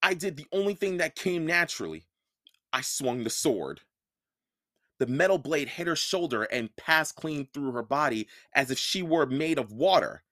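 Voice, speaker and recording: Podcast audiobook reader, male, lively storytelling, dry close mic. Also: fairly high pitch, moderate pace, no room sound. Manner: expressive storytelling. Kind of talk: first-person audiobook narration.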